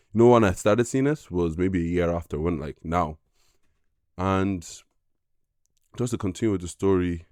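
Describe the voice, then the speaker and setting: A young man, a podcast guest, telling a personal faith story in an earnest, halting way with many fillers. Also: deep voice, mellow, no echo, studio quality. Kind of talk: casual personal testimony.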